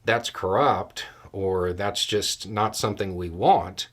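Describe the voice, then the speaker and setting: A man giving political commentary in a measured, deliberate way, laying out scenarios step by step. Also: deep voice, fairly bright tone.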